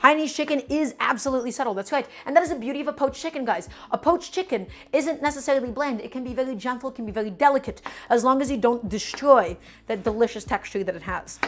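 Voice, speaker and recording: A woman's voice: high-pitched, quick pace, hardly any pauses, faint music behind. A woman hosting a live cooking stream from her home kitchen, chatting enthusiastically with viewers as she chops vegetables. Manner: enthusiastic, repetitive, addresses viewers as friends.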